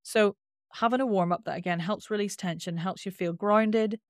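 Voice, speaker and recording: A woman with a Northern Irish accent and a nasal twang, a voice coach explaining things in an interview with lively demonstrations. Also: mid-range voice, normal speed, no echo, clean studio sound. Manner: animated, demonstrates with sung-out sounds.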